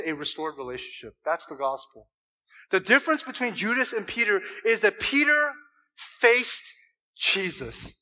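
A man's voice: high-pitched, pushed and bright. A man preaching a sermon to a church congregation, emphatic and full of rhetorical questions. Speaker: pastor.

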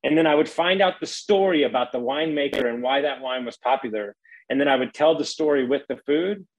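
Laid-back, swearing podcast host. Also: male voice, mid-range voice, a little fast, rough recording. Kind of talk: casual podcast conversation.

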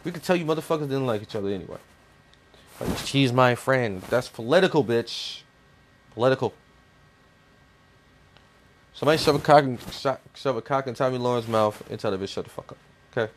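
Male commentator, mid-pitched, heated, blunt, swears nonstop in a profane rant. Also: brisk, long pauses, a little hiss or hum.

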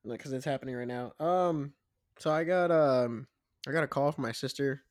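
A young man chatting on a podcast, easygoing and quick to laugh. His voice sits at an ordinary middle pitch. The sound is dry and close. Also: dry recording. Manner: laid-back, laughs often, acts out quoted relatives. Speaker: podcast co-host. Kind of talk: casual chat.

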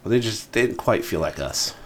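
Lively low-voiced man chatting. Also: normal speed, a little hiss or hum. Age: adult, parent of an eight-year-old. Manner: animated storyteller acting out quotes. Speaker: podcast co-host. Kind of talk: casual chat.

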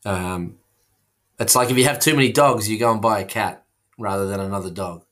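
A man's voice: lowish voice, fairly quick, fairly bright tone. A man co-hosting a casual comedy chat, spinning absurd tangents with frequent fillers and restarts, heard over a remote call. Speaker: co-host.

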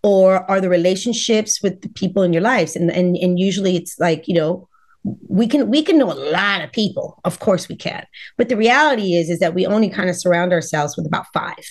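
A middle-aged dating coach from Los Angeles, from a Cuban family, speaks as a guest in a podcast interview. She is emphatic and repeats words while acting out what people said, her lowish voice moving briskly.

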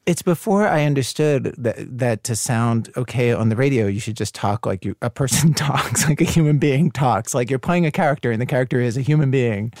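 A man being interviewed, talking fast and casually with laughs and lots of "like" and "you know.". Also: mid-range voice, animated, a little mellow, dry recording, clean studio sound. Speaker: radio host as guest.

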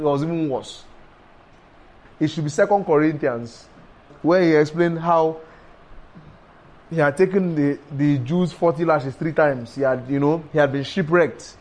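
A man preaching a sermon, emphatic and repetitive, breaking into sudden high exclamations. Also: darkish tone.

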